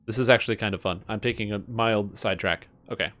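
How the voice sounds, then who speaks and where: A man's voice: on the low side, fast talker, a bit bright. A man streaming live, chatting casually with viewers and playfully stumbling through tongue twisters. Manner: playful, reads tongue twisters aloud, stumbles and laughs at himself.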